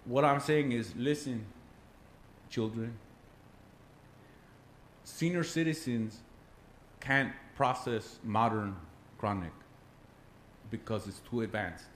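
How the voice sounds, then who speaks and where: A man's voice: medium pitch, takes it slowly, pauses often, slight background noise, lightly acted. A man putting on a laid-back, slangy stoner homie who drawls through a rambling tall tale. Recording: roomy echo, faint background.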